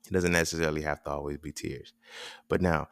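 Low gravelly guy rambling casually, cussing, dry close sound. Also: flat delivery, quick pace, fairly bright tone, no echo. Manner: loose, profane, rambling with restarts and "right?" check-ins. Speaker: podcast host. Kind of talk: casual monologue.

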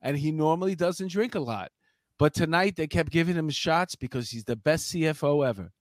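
A man in his fifties co-hosting a casual talk show, telling rambling stories with lots of excitement. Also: on the high side, fairly quick, no room sound, studio quality. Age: 50s. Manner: animated storyteller, rambling and excitable. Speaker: podcast co-host. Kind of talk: casual banter. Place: Los Angeles.

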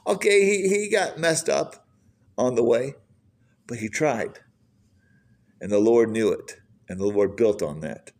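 Male pastor, earnest questioning sermon delivery, voice a bit higher than usual. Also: a little mellow. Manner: earnest, questioning, emphatic preaching.

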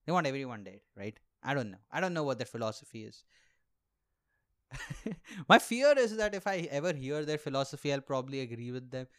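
A man's voice: mid-range voice, big pitch swings, brisk, clear, resonant tone. A young man hosting a podcast, doing a rambling, sarcastic comic monologue and laughing at his own jokes. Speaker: podcast host and aspiring comedian.

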